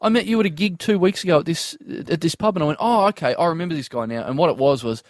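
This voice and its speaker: Animated man telling a story. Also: fairly high pitch, rapid-fire, no room sound, studio quality. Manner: animated, acts out quoted voices, laughs often. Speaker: comedian podcast guest. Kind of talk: casual storytelling chat.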